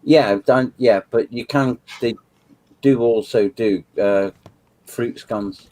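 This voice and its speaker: A man's voice: mid-range voice, takes it slowly, dark tone, rough recording. A man chatting casually on a game stream, reading out comments and making dry, understated remarks. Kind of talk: casual chat over gameplay.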